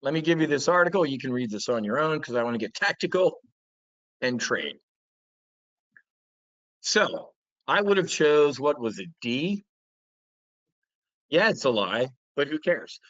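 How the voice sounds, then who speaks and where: A man's voice: mid-range voice, sing-song, measured pace, pauses often, fairly bright tone, dry recording, dull audio. A man hosting a trading show, delivering blunt, profane market commentary with mocking impressions.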